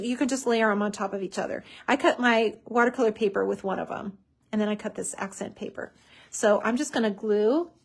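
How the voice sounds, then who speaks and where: A woman talks through a craft demonstration at her table, with a fairly high and slightly husky voice. She chats enthusiastically and keeps calling things cute. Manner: chatty, enthusiastic, lots of "so cute". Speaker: craft tutorial host.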